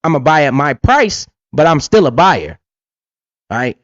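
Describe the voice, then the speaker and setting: A man's voice: a little high, big pitch swings, a little slow, dry recording, dull audio. A man hosting a casual livestream, talking bluntly with lots of swearing and keeps asking "right?". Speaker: livestream host and crypto investor.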